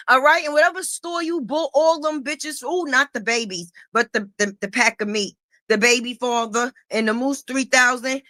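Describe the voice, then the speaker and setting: In a profane livestream rant, a middle-aged woman with a high-pitched, bright voice confronts her target, taunting and repeating herself. She's close to the mic in a dry room with no echo.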